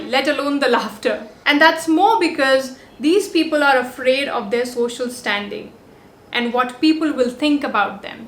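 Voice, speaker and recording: A woman with a high, bright voice and a forceful tone hosts a body language vlog, delivering scripted talking-head advice in an upbeat, emphatic list. She's recorded on a compact on-camera mic in a room with noticeable echo.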